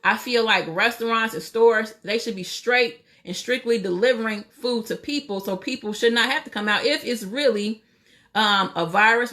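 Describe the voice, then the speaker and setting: A woman's voice: medium pitch, pushed and bright. A woman hosting a casual livestream, opinionated and full of rhetorical questions, greeting viewers as she talks. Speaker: livestream host.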